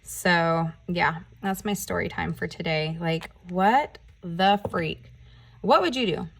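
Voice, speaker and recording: A woman vlogger chatting casually while doing her nails, telling a story in an animated, ranting way and swearing often. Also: on the low side, slow pace, vocal fry. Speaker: nail art vlogger.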